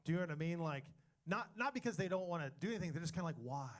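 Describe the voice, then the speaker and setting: A man speaking in a slightly higher-than-usual register, recounting events as a guest in a candid interview. He tells his stories animatedly and acts out both sides of the conversations. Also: racing. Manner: animated storyteller acting out texts and replies. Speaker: interview guest, husband sharing his story.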